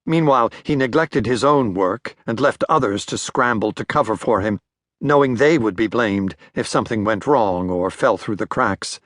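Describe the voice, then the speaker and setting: Older male audiobook narrator, measured and wry, dry booth sound. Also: lowish voice, animated, a bit bright, no echo. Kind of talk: scripted narration.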